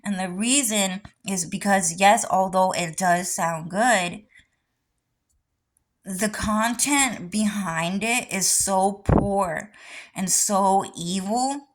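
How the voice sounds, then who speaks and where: A woman's voice: medium pitch, takes it slowly, poor audio. A young adult woman rambling through a personal vlog monologue, lecturing insistently and repeating herself again and again. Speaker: vlogger.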